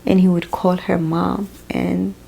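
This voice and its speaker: A young woman who is not a native English speaker, talking emotionally in a personal vlog, halting and sighing as she fights back tears. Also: lowish voice, level tone, gravelly, mellow, breathy edge, low-quality recording. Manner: emotional, tearful, halting, with sighs. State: crying at times. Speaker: vlogger.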